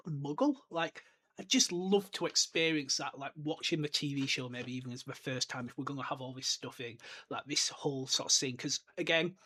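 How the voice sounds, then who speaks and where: A young man hosts a casual solo podcast about books, chatting enthusiastically and wandering off on tangents. His voice is medium-pitched with a sharp tone, and he speaks briskly.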